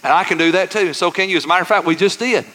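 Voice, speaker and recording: A man's voice: high voice, very fast, sharp tone. A pastor preaching a sermon, folksy and full of call-and-response with his congregation. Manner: folksy, says y'all. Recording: reverberant church hall.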